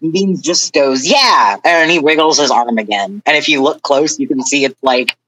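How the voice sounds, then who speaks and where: A man playing in an online tabletop game, hesitantly narrating his character's actions with many pauses and fillers. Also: fairly high pitch, fairly bright tone, dry recording, poor audio. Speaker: tabletop role-play player. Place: online voice call.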